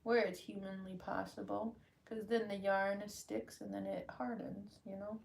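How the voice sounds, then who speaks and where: A woman's voice: mid-range voice, unhurried, gravelly, slight background noise. A woman vlogger talking casually through her crafting work, thinking aloud as she goes. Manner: relaxed, thinking aloud while working.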